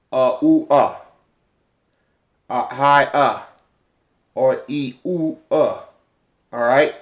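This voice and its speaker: A man teaching informally from a chart, halting often with repeated fillers and sounding out letters and syllables. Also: mid-range voice, muffled recording. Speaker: religious teacher.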